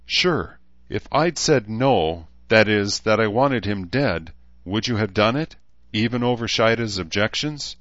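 A man's voice: lowish voice, expressive, measured pace, fairly bright tone, no room sound, lo-fi sound, pitched above the performer's own voice. A man doing a bitter, hot-tempered woman. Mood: curt, bitter. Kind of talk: audiobook character voice.

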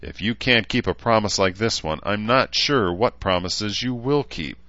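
A man's voice: on the low side, normal speed, bright, forceful tone, no room sound, dull audio, pitched above the performer's own voice. A man voicing a stern, coldly professional mother, clipped and disapproving.

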